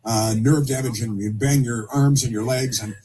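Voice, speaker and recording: A man hosting opinionated talk radio, speaking haltingly with many fillers and restarts and dropping sarcastic asides. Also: mid-range voice, fairly even intonation, warm tone, slight background noise.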